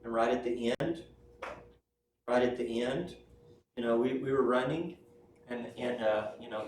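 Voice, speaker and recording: A man's voice: mid-range voice, mellow. A man lecturing a class in a chatty way, mixing personal anecdotes into the lesson and tagging his sentences with "right?" and "yes?". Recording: roomy, distant mic, faint room noise.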